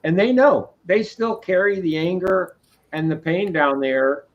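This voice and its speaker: A man's voice: sits high, unhurried, dull audio. A man hosting a casual live-stream talk who rambles, repeats himself and speaks his mind, from Boston. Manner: rambling, opinionated, repeats words. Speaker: host.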